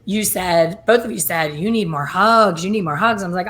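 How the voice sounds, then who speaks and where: A middle-aged woman hosting a casual chat, telling lively stories and acting out other people's voices. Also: on the low side, moderate pace, few pauses. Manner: animated, acts out quoted voices. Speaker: host.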